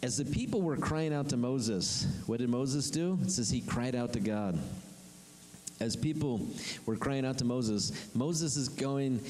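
A man preaching a sermon, emphatic and repetitive, with dramatic pauses and sudden drops to a whisper. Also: mid-range voice, darkish tone, in a large hall. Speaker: pastor.

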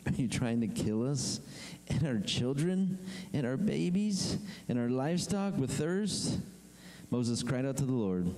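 Male pastor, animated conversational sermon, mellow tone, reverberant hall sound. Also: on the low side. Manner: animated preaching, acts out complaining voices.

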